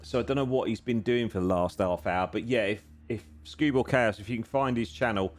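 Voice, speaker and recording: A man's voice: lowish voice, brisk. A man hosting a sim racing live stream in casual chat, rambling and self-deprecating with lots of filler sounds, a bit tired.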